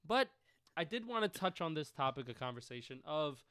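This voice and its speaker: A man's voice: on the high side, very animated, fairly quick, a bit bright, clear, resonant tone, no room sound, studio quality. A man co-hosting a casual sports podcast, talking loosely with a lot of swearing. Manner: profane, loose, joking. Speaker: podcast co-host.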